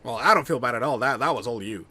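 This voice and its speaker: Guy streaming a strategy game, bouncy voice, cursing at misses, soft music under it. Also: medium pitch, fast talker, husky. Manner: excitable, swears and groans at bad luck. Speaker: gamer streaming a playthrough. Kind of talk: live gameplay commentary.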